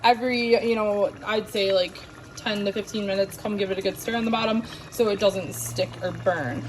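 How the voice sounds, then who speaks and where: A woman's voice: mid-range voice, steady tone, normal speed, a little hiss or hum. A middle-aged woman chatting casually to viewers while cooking in her home kitchen. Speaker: cooking vlogger.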